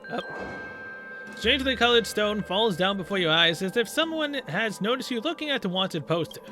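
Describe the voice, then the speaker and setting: A man's voice: sits high, pushed and bright, slight background noise. A man playing through a story game, reading its dialogue aloud and adding sarcastic asides. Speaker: gaming video creator.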